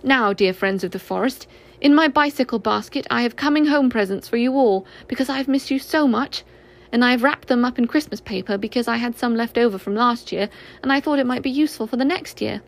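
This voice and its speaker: A woman's voice: fairly high pitch, a little fast, close to an everyday voice. A woman voicing a cheerful, polite young boy in a storybook reading.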